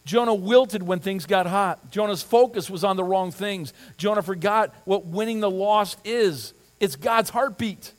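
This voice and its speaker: A man's voice: high-pitched, unhurried, hardly any pauses. A man preaching a sermon with passion, reading scripture aloud and asking the congregation to repeat lines with him. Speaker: pastor.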